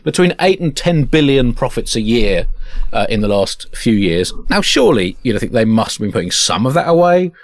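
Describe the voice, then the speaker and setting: A man's voice: medium pitch, very animated, a little fast, no echo. A man hosting a satirical comedy podcast, wry and mock-pompous. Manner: wry, pun-heavy, mock-pompous delivery.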